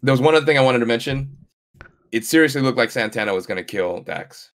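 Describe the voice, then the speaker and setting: A man co-hosting a relaxed wrestling recap, talking eagerly and agreeing with real emphasis. His voice sits at a middle pitch. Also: quick pace. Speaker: podcast co-host. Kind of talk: casual wrestling recap chat.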